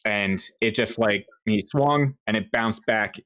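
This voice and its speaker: A man running a tabletop horror game as game master, talking in a halting way with lots of fillers and restarts. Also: on the low side, fairly bright tone, smooth, dry recording, soft background music.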